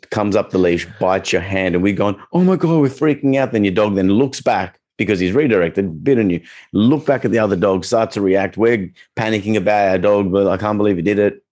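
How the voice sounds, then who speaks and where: A man talking casually as a dog trainer, chatty and relaxed, acting out little quoted reactions as he explains. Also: low-pitched. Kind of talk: casual podcast chat.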